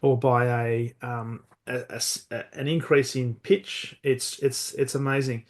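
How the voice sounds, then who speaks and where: A man's voice: medium pitch, steady tone, a little slow. A man hosting a podcast interview, responding thoughtfully and asking long questions with frequent restarts. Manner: thoughtful, supportive, restarts often. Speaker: podcast host.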